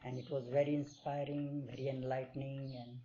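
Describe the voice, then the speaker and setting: A man telling stories to a small group in a gentle, unhurried way, acting out the voices in them. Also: mid-range voice, flat delivery, slight background noise. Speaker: speaker sharing stories of his spiritual master. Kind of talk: informal storytelling talk to a small group. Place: meeting hall. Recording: dull lo-fi recording.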